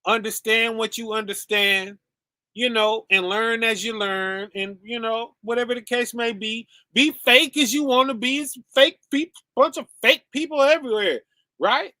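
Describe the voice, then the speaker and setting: At a normal speed and a very high pitch, a man preaches casually over a stream in a relaxed, conversational way. "Right?" and "okay?" pop up often, and his listeners are "y'all" and "fam." It's studio quality with no echo.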